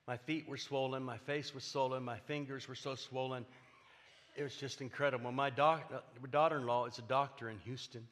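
A man's voice: medium pitch, steady tone, moderate pace, fairly bright tone. An older man, preaching a sermon as a personal testimony, earnest and emphatic with repeated phrases. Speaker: pastor. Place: church sanctuary. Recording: hall reverb.

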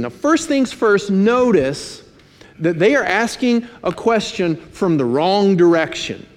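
A man preaching a sermon, emphatic, slowing to stress key phrases and dropping in dry asides. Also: high voice, very animated. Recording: long hall reverb.

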